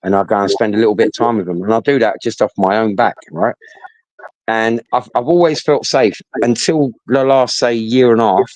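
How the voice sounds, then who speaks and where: A man's voice: on the low side, a little mellow. The voice is a middle-aged man talking bluntly and swearing freely, circling back over his words as he tells a story. The sound is dry and close, with no room echo. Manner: blunt, sweary, repeats himself. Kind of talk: casual storytelling.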